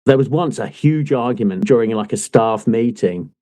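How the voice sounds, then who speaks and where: A man co-hosting a casual book chat, lively and quick to laugh, swearing freely as he tells stories. His voice is mellow and warm in tone, with an easy, loose delivery. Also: medium pitch. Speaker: podcast co-host.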